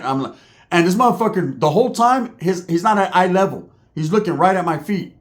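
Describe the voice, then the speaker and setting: A man in his forties telling a street story in a profane, slangy, animated way. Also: sits high, a little fast.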